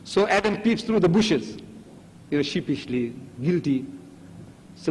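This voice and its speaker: A man's voice: a little high, unhurried, pauses often, long reverb tail, slight background noise, poor audio. An older man whose first language is Gujarati, giving a religious lecture and acting out the dialogue of the stories he tells. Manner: animated storytelling, acting out dialogue.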